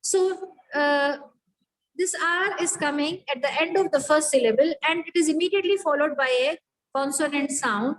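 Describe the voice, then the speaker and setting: A woman's voice: high-pitched, moderate pace, low-quality recording. A woman teacher giving a phonetics lecture, explaining rules step by step and checking that students follow.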